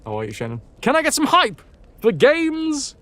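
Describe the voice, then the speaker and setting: A man's voice: very high voice, wildly swooping pitch, normal speed, sharp tone, dry recording. Man reading old stories aloud on a stream. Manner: stumbling over words, breaks off for joking asides; casual, swears now and then.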